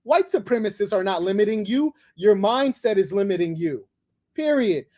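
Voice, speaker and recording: A high-voiced man runs a combative live call-in show. He lectures and mocks in a condescending tone, talking down to whoever is on the line. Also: expressive, moderate pace, warm tone. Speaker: livestream host taking callers.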